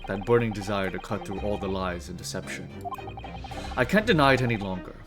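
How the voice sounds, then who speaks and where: Man voicing a stern, aloof noble prosecutor from a game: deep, deliberate, solemn, with music playing behind. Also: animated, lightly acted. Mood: grudging. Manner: slow, grave, measured delivery. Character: stern, aloof aristocratic male prosecutor, middle-aged.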